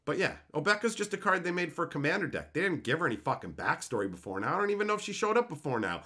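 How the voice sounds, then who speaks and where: A male streamer talks through chat questions in a loose, profane rant. His voice sits somewhat high and bright, jumping all over in pitch as he laughs and swears between points. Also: racing. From Canada. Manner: loud, animated, frequent swearing and laughing.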